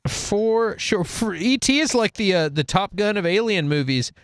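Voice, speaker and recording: Man, high voice, very lively pitch, host, laughs a lot. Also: moderate pace, no room sound. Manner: laughs often, lively and joking. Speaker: podcast host asking the questions. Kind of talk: casual comedic chat.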